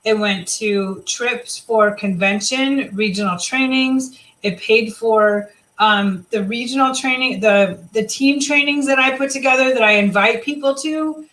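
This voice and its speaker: A middle-aged woman with a slightly high voice leads her sales team through a relaxed live chat. She rambles a bit, restarting sentences and dropping in fillers as she encourages everyone. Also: measured pace, few pauses, rough recording. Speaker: team leader.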